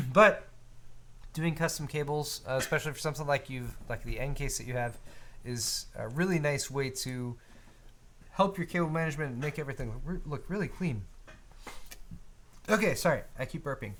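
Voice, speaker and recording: A man co-hosting a live hardware show chats casually and reads viewer donations aloud, relaxed and conversational with frequent fillers and restarts. His medium-pitched voice moves at a moderate pace with long pauses, and there's a little hiss or hum.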